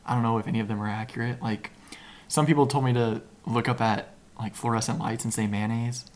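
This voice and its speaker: Very deep-voiced woman asking questions. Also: steady tone, fairly quick, a little mellow. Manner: curious, asks the questions, laughs. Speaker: podcast co-host. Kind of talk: casual podcast chat.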